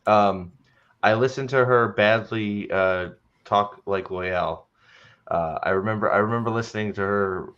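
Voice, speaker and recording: A man's voice: lowish voice, measured pace, a bit bright, lo-fi sound. A man hosting a livestream podcast, chatting casually with joking, stammering restarts. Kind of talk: casual chat.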